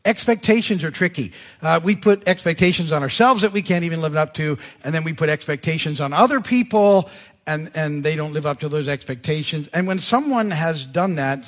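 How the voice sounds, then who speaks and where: Male pastor, lively pitch, somewhat husky; chatty, self-amused sermon delivery. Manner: conversational, animated, laughs at himself. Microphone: live sermon mic. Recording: church service audio.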